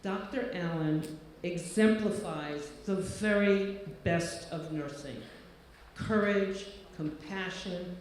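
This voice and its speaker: An earnest man with a fairly high voice introduces a guest at a ceremony. His words ring out in a very echoey hall, with a faint hum of noise underneath. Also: darkish tone. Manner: earnest, measured delivery with slow emphatic lists. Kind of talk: formal ceremony speech. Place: large hall.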